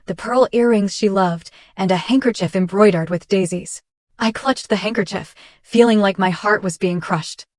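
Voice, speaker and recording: A woman reading a first-person story as scripted narration, in a steady, measured way. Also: medium pitch, no echo, studio quality.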